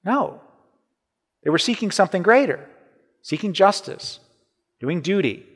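A man's voice: sits high, animated, a little slow, breathy edge, long reverb tail. A man preaching a sermon in a conversational way, often repeating words and checking in with "right?". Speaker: pastor.

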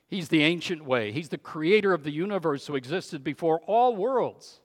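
Emphatic preacher in a reverberant hall. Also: male voice, fairly high pitch, animated, moderate pace, hardly any pauses. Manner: emphatic, swings from loud to hushed. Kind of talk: sermon.

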